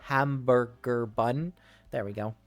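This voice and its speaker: A man rambling through casual stories, often restarting his sentences and drifting into tangents. His voice sits at an ordinary middle pitch. The sound is dry and close, with faint music playing behind him. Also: fairly even intonation, slow, no echo. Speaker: streamer telling stories. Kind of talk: casual storytelling.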